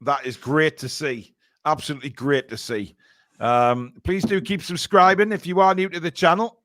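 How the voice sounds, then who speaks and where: A man giving live fan commentary on a football match. His voice sits a touch high. He talks in an excitable, blunt way and swears now and then. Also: normal speed. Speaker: fan channel co-host.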